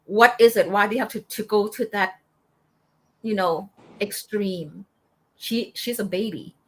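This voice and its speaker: Woman vet on a talk show, fired up, lots of ums and restarts. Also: mid-range voice. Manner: impassioned, halting, many fillers and restarts. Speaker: guest, military veteran and author. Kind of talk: emotional interview storytelling.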